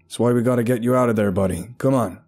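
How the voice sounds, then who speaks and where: A man playing an experienced cave rescuer who talks in a brisk, impatient way. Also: mid-range voice, a little mellow, soft background music, pitched above the performer's own voice, lightly acted. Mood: urgent.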